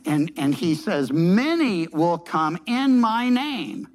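A man's voice: sits high, big pitch swings, slow pace, low-quality recording. A man preaching a sermon, explaining scripture in a conversational way, often restarting phrases and leaning on emphatic repetition. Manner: conversational, with frequent restarts and filler words. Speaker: pastor.

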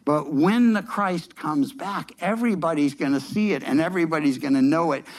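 A man's voice: fairly high pitch, moderate pace, poor audio. A man preaching a sermon, explaining scripture in a conversational way, often restarting phrases and leaning on emphatic repetition. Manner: conversational, with frequent restarts and filler words. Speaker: pastor.

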